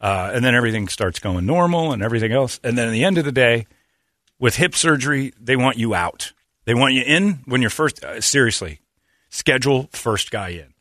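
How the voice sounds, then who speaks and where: A man chatting casually on a podcast, telling animated stories and acting out the dialogue. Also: mid-range voice, a little fast, no room sound. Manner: animated storyteller who acts out dialogue. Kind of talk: casual storytelling chat.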